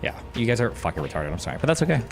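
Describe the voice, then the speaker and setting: A man's voice: mid-range voice, very animated, rapid-fire, vocal fry, a little hiss or hum. A man streaming commentary on a debate, talking in a rambling, self-deprecating and profane way. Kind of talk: casual commentary while gaming.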